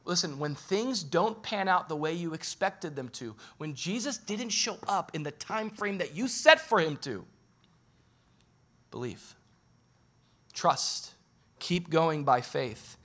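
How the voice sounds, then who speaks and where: A man's voice: a little high, unhurried, a bit bright. A male pastor preaching a sermon in a casual, joking storytelling way, acting out the people in the story.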